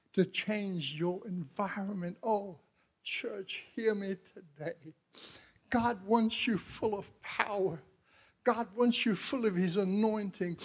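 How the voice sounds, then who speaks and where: A man gives a missionary sermon, talking to his congregation and calling out to them, ranging from quiet moments to loud cries with frequent laughter. His voice sits high and sounds slightly rough.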